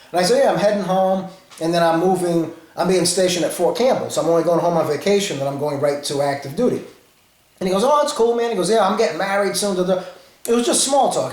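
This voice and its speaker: A man's voice: high voice, darkish tone. Rambling New England man, roomy echo. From Rhode Island. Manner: rambling, many asides. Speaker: vlogger. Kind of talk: casual storytelling.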